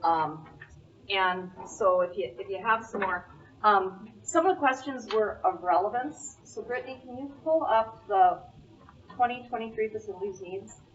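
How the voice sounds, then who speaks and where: A woman's voice: mid-range voice, moderate pace. A woman presenting at a school board meeting, explaining a document on screen step by step. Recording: distant, dull meeting-room recording.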